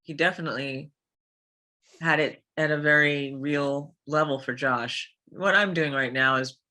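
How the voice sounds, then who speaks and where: A woman voice actress speaks slowly as a podcast guest, her tone bright and forward. She hesitates often, stopping and restarting as she gathers her thoughts. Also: deep voice. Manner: hesitant, many fillers and restarts. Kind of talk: casual interview chat.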